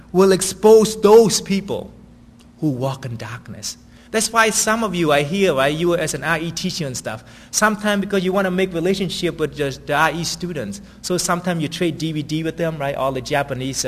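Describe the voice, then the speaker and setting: A man preaching in a loose, chatty way, often tossing in "right?" as he goes. His voice sits a little high for a man. A long reverb tail hangs on every phrase. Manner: conversational, keeps asking "right?". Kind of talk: sermon.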